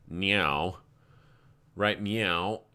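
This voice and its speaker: A man's voice: low-pitched, very slow, pushed and bright, smooth. A man hosting a live crypto trading stream, talking casually through charts and stories in a rambling, laid-back way and swearing freely. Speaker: crypto trading livestream host.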